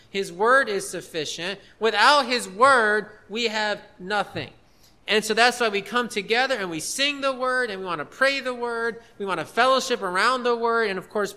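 Male pastor, high bright voice, earnest sermon delivery with emphatic repetition. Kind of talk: expository sermon.

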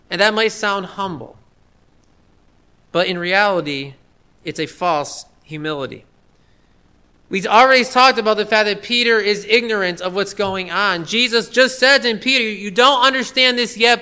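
A man's voice: sits high, sharp tone, clean tone. A man preaching a sermon verse by verse, emphatic and repeating phrases for stress. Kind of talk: expository sermon.

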